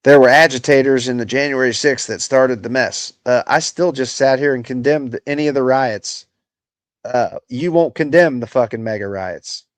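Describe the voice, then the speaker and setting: A man's voice: mid-range voice, normal speed, no echo. A man hosting a political livestream, ranting in casual, profane, exasperated commentary full of "bro" and "dude.".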